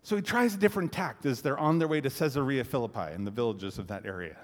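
A man preaching a sermon in an animated way, acting out quotes and swelling to loud climaxes. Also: medium pitch, fast talker. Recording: echoey hall reverb.

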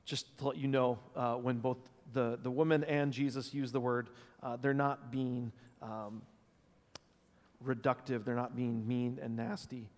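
Pastor in a reverberant church. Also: male voice, medium pitch, steady tone, a little slow. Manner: thoughtful, with frequent fillers and restarts. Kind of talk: sermon. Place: church sanctuary.

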